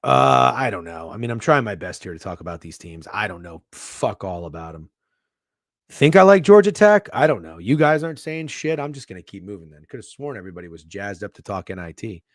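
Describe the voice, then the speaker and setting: A man hosting a sports betting show, talking casually, swearing freely and swinging from hushed asides to loud bursts. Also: deep voice, expressive, quick pace, hardly any pauses, no echo, studio quality. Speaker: sports betting podcast host.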